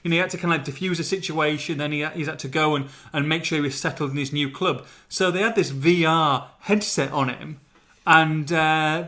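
A man's voice: on the high side, brisk, pushed and bright. A man hosting a casual football podcast, chatty and joking as he tells stories. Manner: chatty, joking, often laughing while telling stories. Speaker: podcast host.

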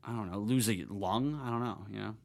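A man co-hosting a casual podcast, relaxed and hesitant, often stammering and trailing off. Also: lowish voice, fairly quick, gravelly. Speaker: podcast co-host.

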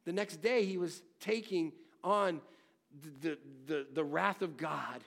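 A pastor delivering a sermon in a notably high voice with a gravelly, creaky edge. He speaks earnestly and conversationally, leaning on personal stories. His delivery stays warm-toned in an everyday preaching way, never stiff. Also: unhurried.

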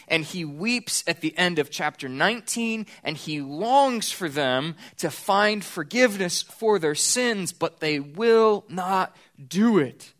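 Pastor guy preaching in church, kinda high voice, earnest, drags out the big points. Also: a bit bright. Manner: earnest, slows down to stress key points. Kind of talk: sermon.

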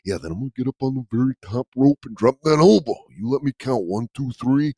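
A man's voice: mid-range voice, expressive, a little mellow, no echo, clean studio sound. A man putting on the voice of a hyped-up pro wrestler who growls "yeah" between lines. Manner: growled hype with drawn-out "yeah". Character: gravelly pro wrestler impression, male, hyped.

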